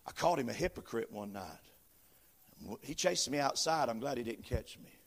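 A man preaching a sermon, chanting phrases that start with a gasped "uh" and swell into shouts. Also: mid-range voice, expressive, normal speed. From western North Carolina, USA. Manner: rhythmic preaching, each phrase opened with a gasped "uh", building to shouts. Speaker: visiting preacher. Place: church building.

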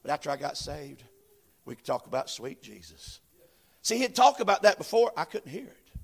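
Man, preacher, church sermon, high-pitched, gravelly, rhythmic "uh" cadence, rising to shouts. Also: sing-song, normal speed. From western North Carolina, USA. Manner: rhythmic preaching, each phrase opened with a gasped "uh", building to shouts. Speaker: visiting preacher. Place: church building.

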